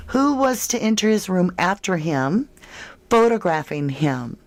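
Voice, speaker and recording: A woman hosts a casual livestream, reading viewers' comments aloud and answering them in a friendly, chatty way. She talks slowly and unhurriedly, and her voice sits a little low. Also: very animated. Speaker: true crime livestream host.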